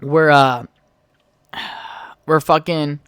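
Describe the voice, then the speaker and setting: A man's voice: on the high side, steady tone, very slow, a bit bright, clean tone, dry recording. A young man hosting his own podcast, telling a heated, profane story in a casual rant. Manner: profane, heated storytelling, trails off while texting. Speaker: podcast host.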